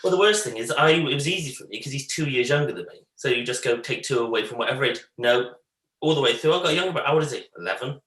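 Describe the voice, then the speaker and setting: Bright-voiced man telling stories. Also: medium pitch, rapid-fire, roomy sound, poor audio. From Bristol, England. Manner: animated anecdotes, acts out family quotes. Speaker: podcast co-host. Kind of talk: casual storytelling chat.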